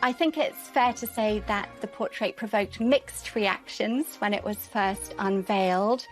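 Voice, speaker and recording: A woman historian giving a measured, informative documentary interview. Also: medium pitch, soft background music, rough recording.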